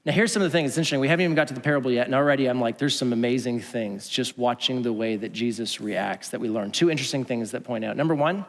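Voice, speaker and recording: A man preaching a sermon as pastor, an animated storyteller who acts out voices and swings from loud to hushed. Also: medium pitch. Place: church auditorium. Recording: long church hall reverb.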